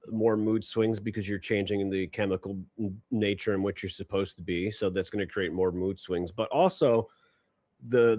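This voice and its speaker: A man's voice: lowish voice, no room sound. A man co-hosting a political live stream, talking bluntly and casually with frequent swearing. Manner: blunt and animated, swears freely, often laughs. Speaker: co-host.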